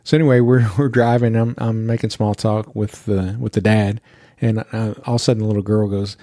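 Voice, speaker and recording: A man's voice: fairly low pitch, level tone, a little fast, mellow, no echo, studio quality. A man hosting a podcast, telling a story in a chatty way and laughing as he goes. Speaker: podcast host. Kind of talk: casual storytelling.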